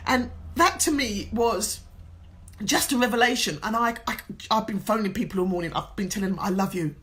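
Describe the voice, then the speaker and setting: A woman's voice: on the high side, a bit bright. A woman life coach from England telling an earnest, emotional motivational story, tearful at times. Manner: emotional, earnest, tells a story with quoted dialogue.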